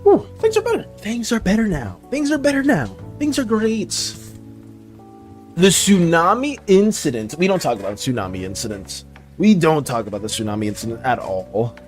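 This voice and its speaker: Streamer type, male, playfully dramatic, high voice, soft music underneath. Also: sing-song, normal speed. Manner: dramatic, playful, laughs often. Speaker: art streamer. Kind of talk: casual live-stream chat.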